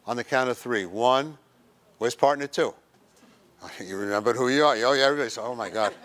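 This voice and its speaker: A man's voice: mid-range voice, fairly quick, a crowd in the background. A man giving a humorous motivational talk to a group in a senior center room, acting out little scenes as he goes. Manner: joking, acts out little scenes and quotes. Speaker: workshop presenter.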